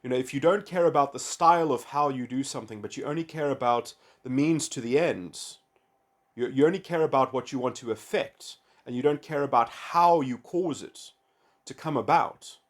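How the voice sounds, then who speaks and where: Halting, rambling man musing aloud. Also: mid-range voice. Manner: halting, full of restarts and "you know". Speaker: video essayist. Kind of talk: rambling philosophical monologue.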